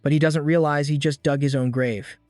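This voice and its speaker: A man narrates a story recap in a steady, scripted read-aloud style. His voice sits a little high, and he barely changes it for the characters' lines. The sound is dry and close, with faint music underneath. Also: brisk, dry recording.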